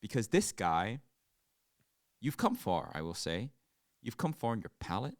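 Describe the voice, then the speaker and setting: A young man co-hosts a casual podcast in a fairly low register. He tells stories with animated energy and jumps up into loud, acted-out quotes of other people. The sound is close and dry. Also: measured pace, no room sound. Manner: animated storytelling, acts out quotes loudly. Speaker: podcast co-host. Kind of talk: casual chat.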